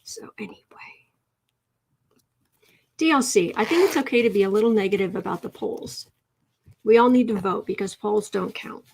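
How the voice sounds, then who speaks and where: A woman hosting a casual tarot livestream, chatting with viewers, reading their comments aloud and cooing softly to her cat. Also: mid-range voice, moderate pace, vocal fry, long pauses, noisy background. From United States. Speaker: tarot reader and livestream host.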